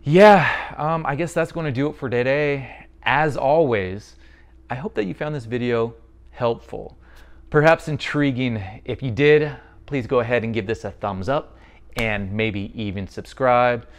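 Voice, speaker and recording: A man's voice: medium pitch, unhurried. A man giving a casual, chatty product review, friendly and thinking aloud with the odd filler.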